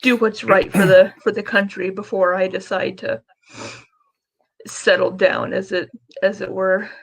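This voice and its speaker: A woman's voice: medium pitch, level tone, moderate pace, gravelly. A woman playing her character in a tabletop game, polite and hesitant, stumbling over words. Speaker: player.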